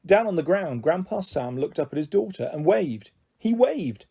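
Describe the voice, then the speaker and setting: A man reading a children's book aloud as a storyteller, switching into higher voices for the characters. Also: very animated, normal speed, creaky, few pauses, dark tone, slightly rough. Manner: voices characters with high, raised pitch.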